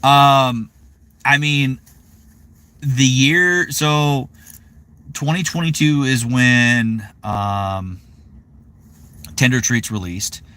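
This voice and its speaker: A man's voice: medium pitch, extremely slow, pauses often, pushed and bright, clear, resonant tone, no echo. A man in his thirties chatting casually on a live stream, rambling with lots of fillers. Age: 30s. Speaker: voice actor streaming.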